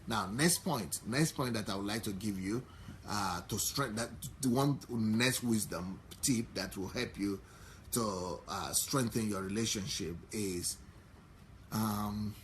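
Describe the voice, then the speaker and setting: A Nigerian-accented pastor preaches in a fairly low voice, restating each point and leaning on fillers as he goes. Faint background ambience sits behind his voice. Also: a little hiss or hum. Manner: unhurried, repetitive preaching with many fillers. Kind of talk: sermon.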